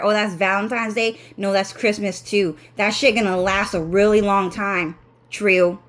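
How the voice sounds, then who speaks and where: A woman's voice: mid-range voice, fairly even intonation, measured pace, fairly bright tone. Congested woman in a profane, rambling rant. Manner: profane, rambling, many restarts and fillers. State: congested, runny nose. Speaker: vlogger. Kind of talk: rambling storytime monologue.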